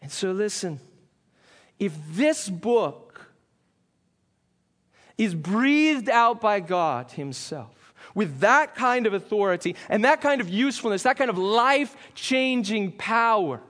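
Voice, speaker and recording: Male preacher, high-pitched, earnest, questions the congregation, slows for emphasis. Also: sing-song, fairly bright tone. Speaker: pastor. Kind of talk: sermon.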